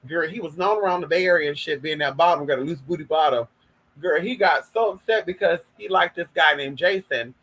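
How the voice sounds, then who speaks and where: A man's voice: fairly high pitch, a little fast, a bit bright, breathy edge, low-quality recording. A young man from Northern California telling gossipy stories to his viewers in a casual vlog, sassy and profane, calling them girl and y'all. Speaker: vlogger. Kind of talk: casual storytelling monologue.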